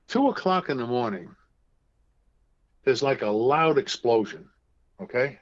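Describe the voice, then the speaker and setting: A man, a guest author, telling family anecdotes in an animated way and acting out the voices of relatives. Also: medium pitch, unhurried, pauses often, highs cut off.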